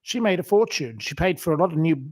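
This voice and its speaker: A man's voice: fairly high pitch, animated, quick pace, a little mellow, no room sound. A man from England hosting a casual livestream, chatting in a digressive way with many ums and restarts. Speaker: livestream host. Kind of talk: rambling casual livestream chat.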